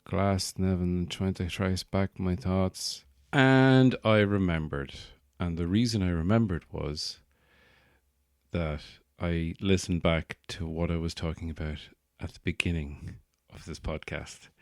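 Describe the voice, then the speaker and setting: A man's voice: low voice, a little slow, no echo, studio quality. An Irish man hosting a podcast, rambling through a jokey comic monologue and slipping into put-on accents. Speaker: podcast host and stand-up comedian. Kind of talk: casual comedic monologue.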